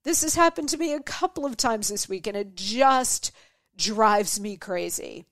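A woman's voice: on the high side, a little slow, fairly bright tone, dry recording, studio quality. A woman hosting her own podcast, ranting with exasperation and acting out mocking quoted voices. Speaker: podcast host. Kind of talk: opinion monologue.

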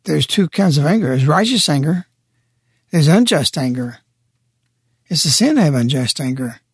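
Forceful preaching man on talk radio. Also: on the high side, very animated, moderate pace, slightly rough, dry recording, studio quality. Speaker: radio show guest speaker. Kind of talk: impassioned radio commentary.

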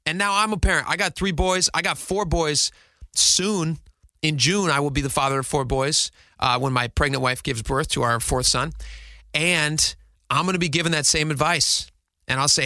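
A man's voice: a little high, fairly even intonation, normal speed, bright, forceful tone, no echo, clean studio sound. A man in his thirties hosting a radio talk show, chatty and upbeat with rambling asides. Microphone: studio mic.

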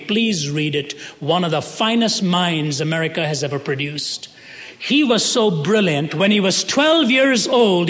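A high-pitched man delivering a sermon as a dramatic story. He acts out the quoted speakers as he goes. His voice rings out in a hall with long reverb. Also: a bit bright. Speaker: preacher.

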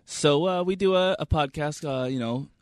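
A man's voice: on the high side, normal speed, smooth, no room sound, clean studio sound. A male station staffer chatting casually on air, a bit hesitant with fillers. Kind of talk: casual radio banter.

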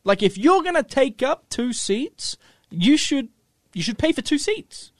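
A man co-hosting a casual talk show, thinking out loud and hesitating as he chats. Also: extremely high pitch, very animated, a little slow, dry recording, clean studio sound. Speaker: podcast co-host. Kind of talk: casual chat.

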